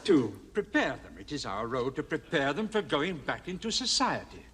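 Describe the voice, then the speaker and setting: A mild fretful prison officer. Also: male voice, a little high, big pitch swings, normal speed, a bit bright. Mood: placating. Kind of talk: 1970s sitcom acting.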